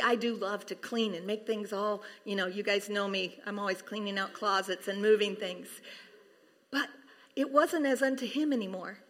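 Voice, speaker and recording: A middle-aged woman preaching a sermon, moving from soft, hushed passages to high, laughing bursts of excitement. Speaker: pastor's wife preaching.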